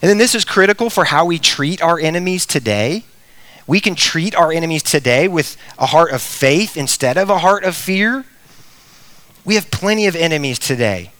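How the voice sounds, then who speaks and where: A middle-aged man preaching a sermon, animated, with big swings in pitch and volume, sometimes speaking straight to the children. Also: normal speed, no room sound. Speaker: pastor.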